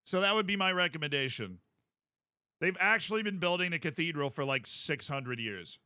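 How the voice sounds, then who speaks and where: Animated, bright-voiced streamer man. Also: fairly high pitch, moderate pace, clear, resonant tone, no room sound, clean studio sound. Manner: animated, rambling and jokey, with sudden loud outbursts. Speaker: game streamer. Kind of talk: casual chat while streaming a game.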